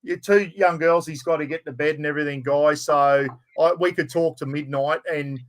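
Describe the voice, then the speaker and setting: A man's voice: fairly high pitch, fairly even intonation, normal speed, rough recording. Chatty older Australian man. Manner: matey, says "mate" constantly. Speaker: host. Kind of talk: casual live-stream chat.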